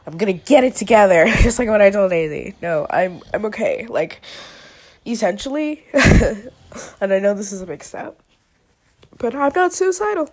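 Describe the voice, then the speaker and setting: A woman's voice: mid-range voice, expressive, normal speed. A young woman crying as she talks through a personal vlog at home, raw, rambling and swearing. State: crying, sniffling. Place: indoors at home, in bed.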